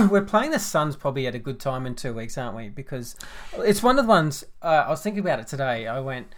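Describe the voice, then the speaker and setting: An Australian man in casual football chat on a podcast, rambling and restarting his sentences often. His pitch sits in an ordinary middle range. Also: very animated, fast talker. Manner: rambling, many restarts and filler words. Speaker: podcast co-host.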